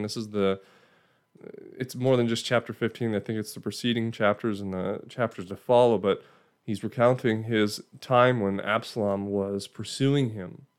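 A man's voice: fairly low pitch, steady tone, moderate pace, clear, resonant tone. A man giving an informal Bible teaching in a conversational way, often checking in with "right?" and restarting phrases.

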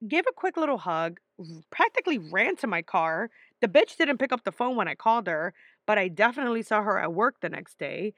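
A young woman telling a personal story in a casual, animated way, emphatic and full of swearing. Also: medium pitch, a little fast, no room sound, studio quality.

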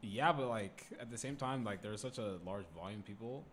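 A young man co-hosting a podcast, chatting casually in a quick, animated way, with lots of "like" fillers. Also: on the low side, a little hiss or hum. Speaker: podcast co-host. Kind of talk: casual chat.

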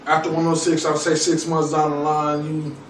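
Laid-back man asking questions, slightly high. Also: monotone, moderate pace. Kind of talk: casual interview questions. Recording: echoey room, mic far off, faint noise.

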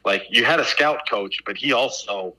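A man's voice: medium pitch, moderate pace, breathy edge, low-quality recording. A man in his fifties, a basketball coach telling stories in a casual interview, full of fillers like "like" and "right?". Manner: animated storyteller, many "like" and "right?" fillers. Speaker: basketball assistant coach, guest.

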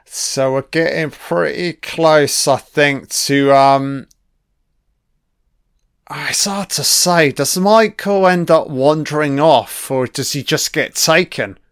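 A British man giving a casual commentary on a film. He reacts out loud and swears often as he rambles. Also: on the high side, takes it slowly, smooth, no echo, clean studio sound. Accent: British English.

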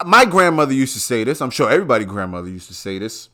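A man hosts his own podcast in a loose, swearing rant. His pitch swings widely as he talks, and he jumps from mutters to sudden loud, high bursts. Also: big pitch swings, fast talker, hardly any pauses. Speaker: podcast host. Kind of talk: casual ranting monologue.

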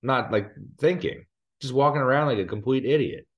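On dull-sounding audio, a medium-pitched man speaking fairly quickly co-hosts a podcast. Chatting casually, he wanders through a self-deprecating story and laughs at himself along the way.

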